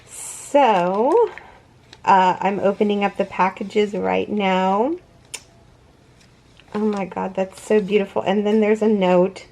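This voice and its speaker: A woman's voice: mid-range voice, takes it slowly, long pauses, darkish tone. A woman in her thirties hosting a casual unboxing vlog, gushing with emotional thanks and often breaking off to restart her sentences. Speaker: crochet channel host.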